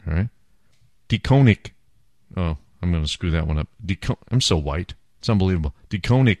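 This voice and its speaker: A man's voice: sits low, fast talker, a little mellow, no room sound, studio quality. A man hosting a casual beer podcast, enthusiastic and self-mocking as he chats and jokes. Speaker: podcast host.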